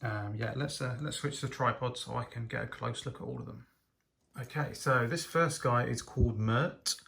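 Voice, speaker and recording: A man's voice: mid-range voice, moderate pace, gravelly, a bit bright, a little hiss or hum. A man giving a casual, enthusiastic toy set review, talking with frequent hesitations and ums. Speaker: LEGO reviewer.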